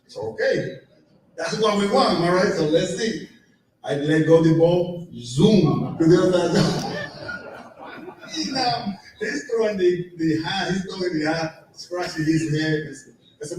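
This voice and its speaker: A middle-aged man telling lively stories to a live audience, laughing often and acting out dialogue. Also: on the high side, a little slow, slight background noise. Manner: animated, laughing storyteller, acts out dialogue. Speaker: guest speaker at a live fan event. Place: event hall with audience. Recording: very echoey hall, voice far from mic.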